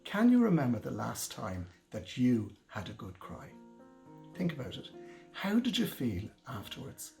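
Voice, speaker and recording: A man giving a gentle, reassuring training talk to carers, speaking directly to his audience. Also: mid-range voice, wildly swooping pitch, unhurried, gravelly, soft background music. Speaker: care trainer. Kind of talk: instructional talk to camera.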